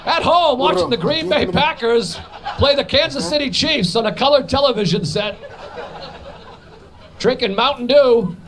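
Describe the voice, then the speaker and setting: Guy doing stand-up, high voice that jumps all over, self-mocking crude rambling bits. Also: lively intonation, moderate pace, long pauses, crowd noise. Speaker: stand-up comedian. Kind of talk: stand-up comedy routine.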